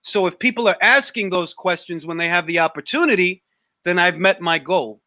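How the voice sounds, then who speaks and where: Young male talk-show host, bright tense voice, dry close sound, loose slangy delivery with restarts. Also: high-pitched, moderate pace, no room sound. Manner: animated, slangy, repeats words when starting a thought. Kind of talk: casual live Q&A chat.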